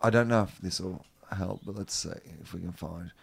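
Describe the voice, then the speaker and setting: A man's voice: low-pitched, fairly quick, vocal fry, husky. A man co-hosting a casual chat podcast, reading web text aloud and breaking off with joking asides. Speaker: podcast co-host.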